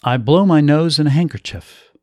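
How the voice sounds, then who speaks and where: A man reading a story aloud in a measured, expressive way. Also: on the high side, no echo. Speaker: narrator.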